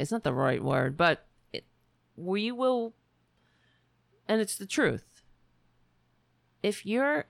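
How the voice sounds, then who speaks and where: Brief: raspy woman host, lowish voice, dry close sound, blunt political commentary. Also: fairly bright tone, no echo. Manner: emphatic, repetitive, restarts mid-sentence. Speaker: show host. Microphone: home computer setup.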